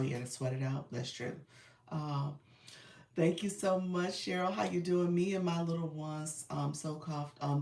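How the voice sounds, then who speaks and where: Stuffy-nosed woman host, gravelly voice, chatty and laughy, echoey room a bit off mic. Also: low voice, darkish tone, recorded from a distance. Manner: chatty, laughs often, addresses viewers as y'all. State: congested, clearing her throat. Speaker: live stream host and creator coach. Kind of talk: casual live-stream chat reading viewer comments.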